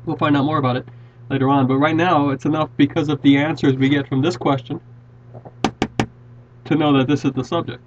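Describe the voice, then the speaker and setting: Patiently walking through example sentences in a grammar lesson, this man speaks in a slightly high, fairly flat voice, a bit fast and with frequent pauses. He repeats and restarts words as he explains. The classroom audio is muffled and lo-fi, with a faint hiss or hum.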